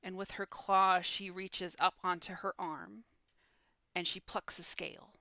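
A woman narrating a tabletop game as game master, with animated descriptive delivery over an online call. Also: on the low side, measured pace, dry recording.

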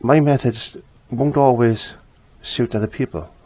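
This older painting teacher gives a casual lesson in an unhurried, medium-pitched voice with a dark, slightly rough tone. As he works, he chats away and repeats his phrases.

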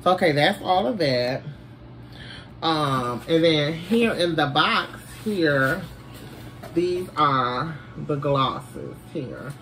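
A woman's voice: sits low, expressive, extremely slow, a bit bright, a little hiss or hum. Tipsy Southern-twanged woman vlogger. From Detroit, USA. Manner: chatty, profane, addresses viewers as y'all. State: a little tipsy. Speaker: beauty vlogger. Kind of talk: casual unboxing chat.

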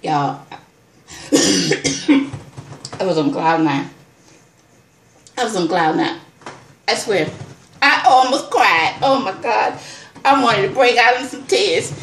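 A woman vlogger telling an excited personal story, exclaiming, repeating herself and calling her viewers y'all. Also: medium pitch, slow pace, long pauses, roomy sound, slight background noise.

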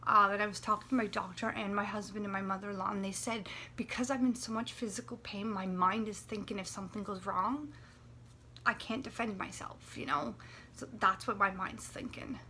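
A woman in her late twenties, talking in a personal vlog, anxious and near tears, with a dry throat, halting and often dropping to a whisper. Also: medium pitch, steady tone, sharp tone, a little hiss or hum. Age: 20s. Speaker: vlogger. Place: warm apartment room.

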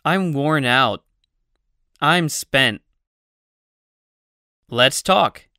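A reader slowly and deliberately voicing English classroom phrases for a language-learning audio book, pausing between each one. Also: mid-range voice, lively intonation, sharp tone, clean tone, dry recording, studio quality. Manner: slow, deliberate reading with pauses between phrases.

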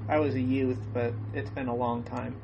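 A man talking in a flat, deadpan, plain-spoken way during a call, heard through dull, lo-fi call audio. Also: mid-range voice, moderate pace, gravelly, noisy background. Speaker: interviewer, former Mormon. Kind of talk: conversation over a call. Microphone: phone or video call.

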